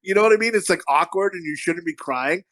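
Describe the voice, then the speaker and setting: A man's voice: high voice, fast talker, fairly bright tone, no echo. A man co-hosting a podcast in casual chat, a profane, rambling storyteller who laughs at his own stories. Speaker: podcast co-host.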